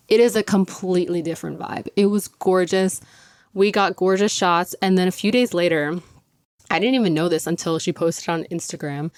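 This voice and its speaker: A young woman hosting her own podcast, speaking in a smooth, somewhat low voice. She chats casually, fills her sentences with "like" and laughs often. The sound is dry and close. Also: no room sound. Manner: chatty, filler-heavy with frequent "like"; laughs often while talking. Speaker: podcast host. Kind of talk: casual chat.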